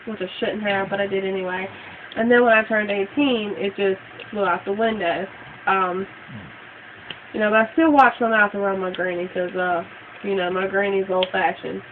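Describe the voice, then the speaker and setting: A young adult woman in a casual vlog rant, blunt and outspoken, rambling with fillers as she swears freely. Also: medium pitch. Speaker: vlogger. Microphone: phone. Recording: tinny phone-like audio, faint hiss.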